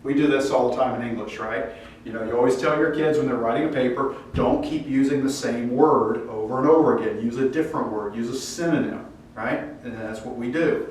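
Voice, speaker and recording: Animated man lecturing in an echoey room. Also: a little fast. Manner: animated, acts out quoted dialogue with rising pitch. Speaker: Bible class teacher. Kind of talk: classroom lecture. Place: church classroom. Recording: distant echoey room mic with faint noise.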